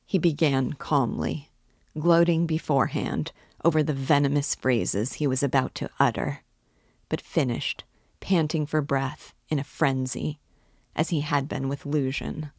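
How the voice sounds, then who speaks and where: A woman hosting a book reading, narrating a novel aloud in a steady, measured way. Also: low voice, no echo, clean studio sound.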